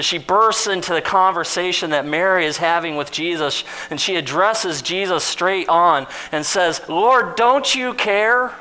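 A man delivers a sermon in a relaxed, storytelling manner and acts out the quotes as he goes. His voice is bright and sits a little high. A faint electrical hum runs underneath the recording. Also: poor audio. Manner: conversational storytelling, acting out quotes. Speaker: preacher.

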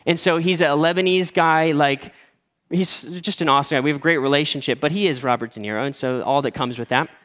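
A man in his forties, a pastor telling a story in a sermon with lively acted-out voices. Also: fairly high pitch, quick pace. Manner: animated storytelling, acting out quoted voices. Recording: long hall reverb.

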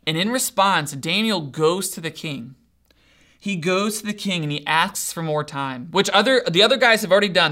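A man with a high, bright voice gives a relaxed, conversational sermon. He talks to the room like friends and keeps checking that they follow along. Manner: animated, conversational, often checks in with listeners. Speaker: preacher. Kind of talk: casual sermon retelling a Bible story.

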